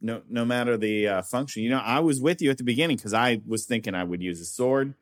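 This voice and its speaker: Man, comedian guest, deadpan, thinking out loud, crude one-liners. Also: mid-range voice, quick pace. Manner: deadpan, musing, crude jokes. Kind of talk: casual comedic chat.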